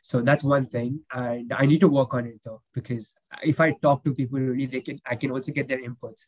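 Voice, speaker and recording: A man's voice: mid-range voice, flat delivery, a little fast, darkish tone, rough recording. Rambling young man, full of fillers. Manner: rambling, heavy with fillers and restarts. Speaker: podcast guest. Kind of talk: casual emotional chat.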